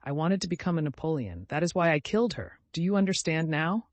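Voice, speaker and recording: A man's voice: fairly high pitch, lively intonation, fast talker, no echo, pitched above the performer's own voice, lightly acted. A man performing a tormented young murderer pouring out a confession, his voice lifting and falling sharply as he pleads and despairs. The sound is close and dry, with no room around it. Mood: anguished. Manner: anguished, pleading.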